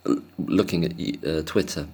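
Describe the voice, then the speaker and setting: A man's voice: deep voice, fairly even intonation, moderate pace, a little mellow, husky. A man telling a casual, rambling story to camera, hesitant and self-deprecating, chuckling often. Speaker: vlogger.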